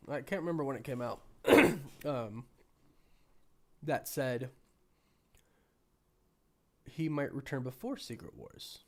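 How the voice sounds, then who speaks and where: A man with a cold, hoarse and sniffly, hosting a casual live stream and chatting with viewers while thinking aloud. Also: medium pitch, animated, slow, pauses often. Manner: rambling, thinking aloud with many restarts. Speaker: livestream host.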